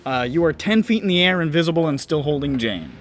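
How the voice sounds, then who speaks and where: A man's voice: a little high, lively intonation, fast talker, faint music behind. Laughing, swearing male game master. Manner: laughing, profane, loose. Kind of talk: running a tabletop game, casual chat.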